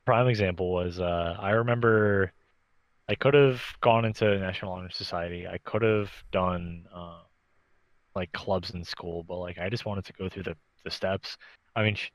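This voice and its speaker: A man's voice: sits low, no room sound, muffled recording. A young man as a podcast guest, talking in a laid-back, hesitant way with many fillers. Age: young adult. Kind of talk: casual chat.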